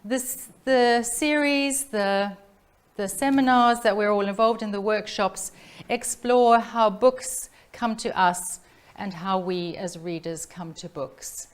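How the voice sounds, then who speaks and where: A middle-aged woman from South Africa giving an academic lecture on literature, measured and reflective, pausing to restart her phrases. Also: medium pitch, smooth. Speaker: literature professor giving a talk.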